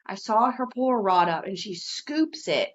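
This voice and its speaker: Animated woman telling a fishing story. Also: moderate pace, dull audio. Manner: animated, jumps high when quoting herself, swears casually. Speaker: podcast co-host. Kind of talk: casual storytelling chat.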